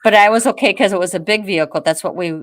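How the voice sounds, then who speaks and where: A woman from the United States hosting a show, telling a story in a lively casual way, acting out quotes with many restarts. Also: mid-range voice, racing, no room sound, clean studio sound. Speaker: host.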